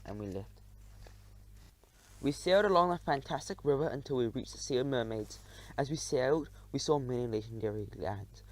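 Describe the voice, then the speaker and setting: A man narrating a children's adventure audiobook in the first person, telling it in an expressive, dramatic way. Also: medium pitch, low-quality recording.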